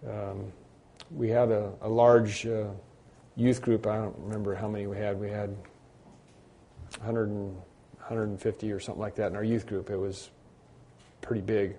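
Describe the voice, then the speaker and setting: A man preaching an unscripted sermon, often restarting his sentences and rising and growing louder on his emphatic points. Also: on the low side, little pitch movement, normal speed, long pauses, slight background noise. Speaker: pastor.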